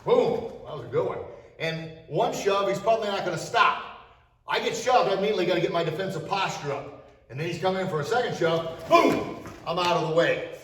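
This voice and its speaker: A male martial arts instructor explaining self-defense moves while demonstrating them, with loud shouts on each strike. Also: sits high, fast talker, recorded from a distance. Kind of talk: demonstration lesson. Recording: echoey room, mic from afar.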